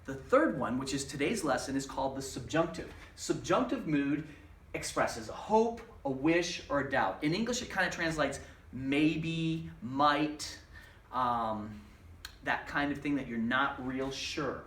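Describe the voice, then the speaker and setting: A man's voice: medium pitch, expressive, a little slow, a bit bright, recorded from a distance. A man teaching a Spanish lesson, explaining grammar patiently and repeating examples step by step. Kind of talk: recorded classroom lesson. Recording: echoey room, voice off-mic.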